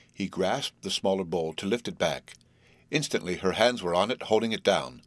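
A man reading a story aloud in a steady, measured narration. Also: low-pitched, no room sound. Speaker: audiobook narrator. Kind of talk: scripted narration.

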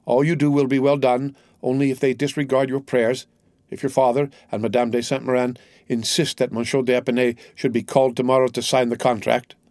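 A man voicing a sorrowful, resolute young man in love, read in a solemn, measured way. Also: mid-range voice, level tone, a little mellow, no echo, clean studio sound, lightly acted. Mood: earnest. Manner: solemn, measured, earnest reading. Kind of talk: audiobook character reading.

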